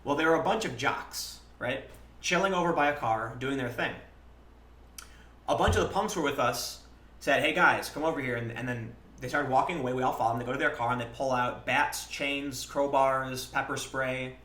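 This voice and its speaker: A man's voice: medium pitch, moderate pace. A man in his thirties hosting a live stream and telling stories casually, bluntly and with profanity, often restarting his sentences and acting out his own past remarks. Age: 30s. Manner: acts out his past self in animated quoted lines. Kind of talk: casual storytelling monologue. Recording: echoey room.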